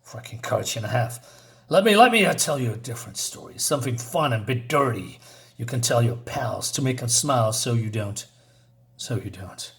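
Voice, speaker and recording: A man reading a comic aloud and voicing a shaken, bitter male adventurer in a gruff tone. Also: mid-range voice, animated, normal speed, fairly bright tone, voice pushed down.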